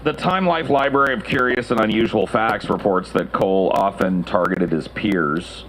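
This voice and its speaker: Low-voiced man reading an anecdote. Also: moderate pace, fairly bright tone, slight background noise, rough recording. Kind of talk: reading anecdotes aloud in casual chat.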